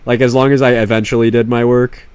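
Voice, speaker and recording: A young man telling a rambling, profane story in a casual, animated way, with many restarts. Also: mid-range voice, fast, clear, resonant tone, no echo. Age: young adult. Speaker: vlogger.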